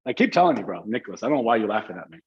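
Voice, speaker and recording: A man's voice: lowish voice, big pitch swings, racing, highs cut off. A man teaching an English class live online, in a casual, joking, slangy way. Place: Dubai.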